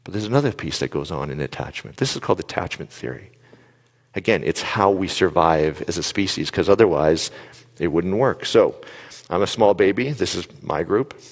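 Male speaker, very low voice, animated storyteller who quizzes the audience, long hall reverb. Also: moderate pace, slightly rough. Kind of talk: live motivational talk.

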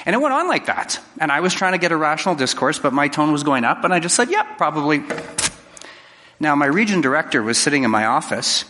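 Man, motivational speaker, acts out little dialogues, crisp bright tone, long hall reverb. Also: fairly high pitch, sing-song, fast, few pauses. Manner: conversational, jokey, acts out quoted exchanges. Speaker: public speaker. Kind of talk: motivational talk to a live audience.

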